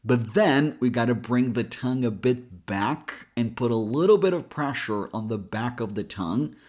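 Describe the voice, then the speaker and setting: Male pronunciation coach, mid-pitched, plain and direct, breaks words down slowly. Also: lively intonation, darkish tone. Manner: direct, explains sounds slowly and models them. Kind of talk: pronunciation lesson.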